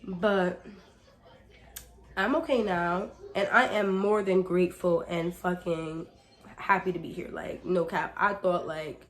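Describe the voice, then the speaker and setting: A young woman chats through a storytime vlog, her voice a little hoarse from a cold. She keeps it loose and unfiltered, with plenty of swearing and "like", and talks straight to her viewers as y'all. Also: lowish voice, steady tone, slow pace. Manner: chatty, swears freely, frequent "like" fillers; addresses viewers directly as y'all. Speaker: vlogger. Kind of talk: casual storytime.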